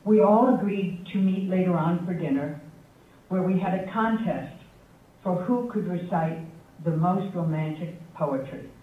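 A man giving a prepared tribute speech at a memorial forum, telling his anecdotes in a measured, wry and affectionate way. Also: high voice. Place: university forum hall with audience. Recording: echoey, thin phone-like sound from far off.

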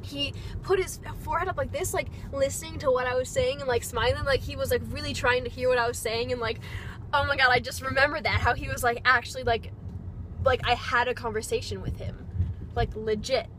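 Excited young woman vlogging, super gushy and breathless, says like a lot, high bright voice. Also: brisk, slight background noise. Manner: gushing and breathless, lots of "like". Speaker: beauty vlogger. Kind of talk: excited vlog storytelling.

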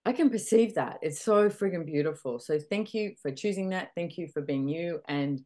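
A middle-aged woman hosting a casual coaching talk, animated, acting out little dialogues and swearing freely. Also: fairly low pitch, moderate pace. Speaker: podcast host and facilitator.

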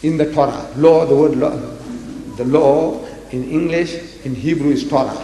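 Older man, public debate lecturer, slightly high voice, emphatic and animated, big echoey hall. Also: moderate pace. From South Africa. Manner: emphatic, animated, quotes scripture and acts out dialogue. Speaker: lecturer on religion. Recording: echoey hall, long reverb.

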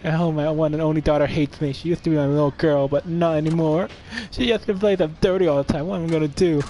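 A man's voice: a little high, fairly even intonation, quick pace, mellow, a little hiss or hum, close to an everyday voice. A man voicing a weepy, drunk middle-aged office worker who whines and pities himself. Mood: self-pitying. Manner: whiny, self-pitying, emotional swings.

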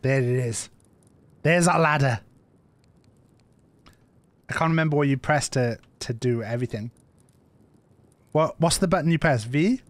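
A man's voice: medium pitch, a little slow, pauses often. A man streaming a survival game, chatting loosely and repeating himself as he plays. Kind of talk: live gameplay commentary.

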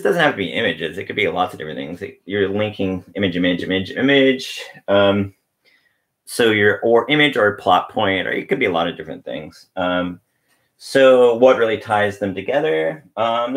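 Male podcast host and teacher, low gravelly voice, loose lecture delivery, rambling asides with frequent chuckles. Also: a bit bright. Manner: rambling and self-correcting, chuckles often. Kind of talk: informal lecture-style literary analysis.

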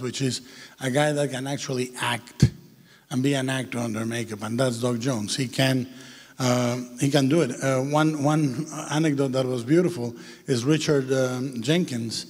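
A film director as interview guest, telling lively anecdotes with frequent hesitations, on the stage of a large hall. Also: male voice, medium pitch, moderate pace. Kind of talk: onstage festival interview. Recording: long hall reverb.

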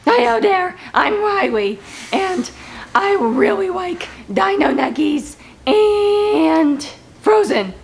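A woman's voice: extremely high pitch, very animated, very slow, gravelly, music in the background, voice pushed up, heavily acted. A woman voicing an eager, chirpy little girl in a comedy impressions video.

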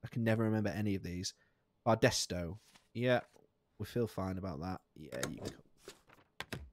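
A man's voice: moderate pace, slight background noise. Sweary, jokey man streaming. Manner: jokey and sweary, laughing often, with sudden high squeaks of outrage. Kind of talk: live gameplay commentary.

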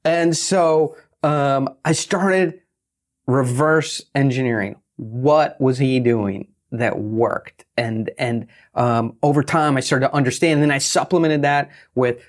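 A man who is a guest on an interview show, telling lively stories and acting out what others said. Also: medium pitch, measured pace. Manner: animated, acts out quotes. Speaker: guest, pitching author. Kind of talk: storytelling interview talk.

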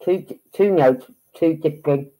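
Man, livestream host, casual chat, rambling, self-interrupting, slightly high voice. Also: unhurried, warm tone, rough recording. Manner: rambling, stops mid-thought while fiddling with his screen. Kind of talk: casual chat about a case.

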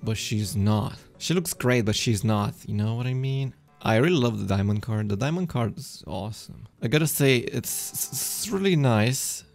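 A man streaming a card game, chatting excitedly to himself and often jumping into squeaky high exclamations. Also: normal speed, gravelly, few pauses, soft background music. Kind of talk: casual gameplay commentary.

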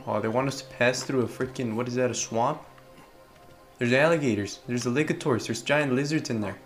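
A man doing let's play commentary, excitable and prone to yelling reactions and silly caveman talk. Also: medium pitch, brisk. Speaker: gaming video creator. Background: game music.

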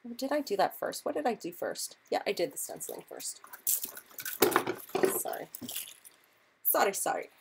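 Woman, 30s, live craft-show host, mid-pitched, chatty and apologetic, a bit flustered. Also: sing-song, normal speed, vocal fry, long pauses, husky, low-quality recording. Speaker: craft demonstrator.

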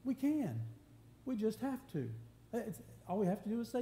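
A pastor preaches a sermon in a church sanctuary, earnest and conversational, often restarting lines and building emphasis. His voice sits high and mellow, with big pitch swings and moderate pace. It's a roomy church live stream with a faint hum.

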